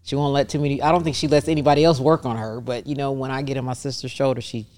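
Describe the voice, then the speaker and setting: A woman's voice: rumbling low, fairly even intonation, rapid-fire, a little mellow. A middle-aged woman, a massage therapist, talks casually in an interview and animatedly acts out the voices of the people she quotes.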